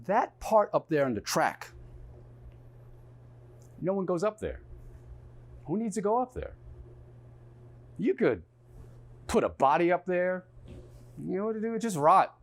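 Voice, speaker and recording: A man performing a threatening male street cop in a one-man comedy show, with loud, sneering questions. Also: sits high, sing-song, unhurried, long pauses, heavily acted. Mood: menacing.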